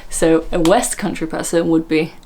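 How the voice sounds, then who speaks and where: A woman's voice: low voice, fairly even intonation, moderate pace, mellow, slight background noise. An Australian woman vlogging in casual chat, apologetic and self-mocking, often breaking into laughter.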